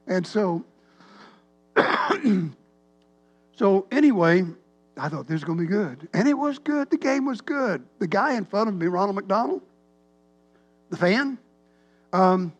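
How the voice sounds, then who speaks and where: Man, pastor, storytelling sermon, animated, rambling, high pitch. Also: slow, long pauses. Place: church sanctuary.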